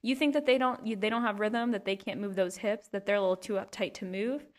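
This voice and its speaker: A woman's voice: mid-range voice, fairly even intonation, quick pace. A young woman hosting a podcast, rambling through a goofy, self-mocking comedic monologue. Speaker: podcast host.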